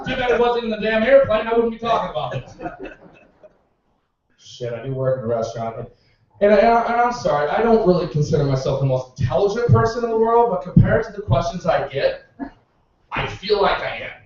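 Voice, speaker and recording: A man's voice: sits high, sing-song, a little fast, noisy background. A man doing a stand-up comedy set at a bar's open-mic night, telling sarcastic stories about his bartending customers, with profanity. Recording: echoey bar room, distant dull mic.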